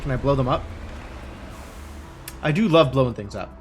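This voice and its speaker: A man's voice: medium pitch, lively intonation, moderate pace, soft background music. A young man streaming a game live, chatting casually with wry, sarcastic asides while he plays. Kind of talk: casual live gameplay commentary.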